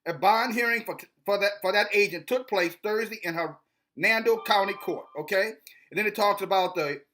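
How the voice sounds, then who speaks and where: A man with a high, bright, cutting voice delivers a passionate rant and reads a news article aloud. He confronts his listeners directly and lectures them. He trips and repeats words as he reads. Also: normal speed. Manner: confrontational, preachy, calls out his audience; stumbles and repeats words when reading aloud. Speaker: video commentator. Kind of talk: impassioned commentary and article reading.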